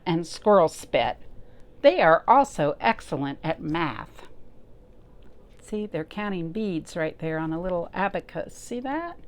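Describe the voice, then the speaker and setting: A woman librarian reading a picture book aloud to children, pausing often to point things out and ask them questions. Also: medium pitch, clean tone. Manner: slow, expressive, pausing to talk to young listeners.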